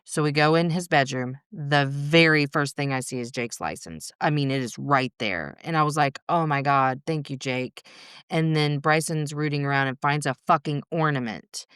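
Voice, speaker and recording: A middle-aged woman talks candidly as a guest, her voice smooth and clear in tone. She is blunt and swears freely, with laughs breaking through even the hardest parts. The sound is close and dry, with no room echo. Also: low-pitched, normal speed. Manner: frank, swears often, laughs through hard moments. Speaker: podcast guest. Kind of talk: candid conversational storytelling.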